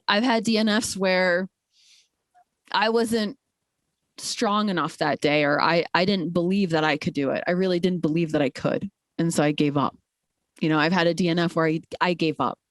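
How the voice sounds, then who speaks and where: A woman's voice: lowish voice, dry recording. A woman guest, a trail ultrarunner, talking candidly and emphatically in a casual interview, with many fillers.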